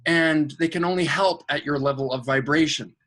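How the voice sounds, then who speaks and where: A man, a podcast guest and coach, telling an animated story about angels and synchronicity with enthusiasm. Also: moderate pace. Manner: acts out angels' voices in a higher, excited tone; enthusiastic, spiritual coaching talk.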